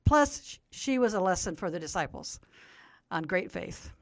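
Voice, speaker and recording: A woman's voice: fairly low pitch, lively intonation, moderate pace, dry recording. An older woman, a Bible teacher, explaining a scripture story earnestly as a guest on a talk program. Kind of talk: radio interview, storytelling.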